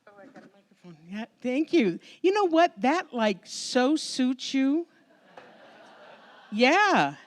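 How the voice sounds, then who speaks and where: Slow, storytelling American woman minister. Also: high-pitched, a little hiss or hum. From United States. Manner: conversational, emotional, expressive storytelling. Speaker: minister giving the Sunday talk. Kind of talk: personal storytelling sermon. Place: church sanctuary before a congregation.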